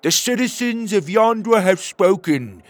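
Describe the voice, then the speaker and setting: A man's voice: high-pitched, expressive, unhurried, no echo, pitched above the performer's own voice. A man voicing Petey, a brave young platypus hero, in an earnest, raised voice for an audio story.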